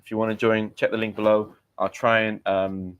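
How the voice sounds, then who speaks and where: A man's voice: lowish voice, little pitch movement, normal speed, smooth. A man with a British accent hosting a live vocabulary lesson, quizzing viewers and reading out their comments in a chatty way. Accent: British English. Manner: chatty, asks viewers quiz questions and reads out their comments. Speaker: English teacher and livestream host.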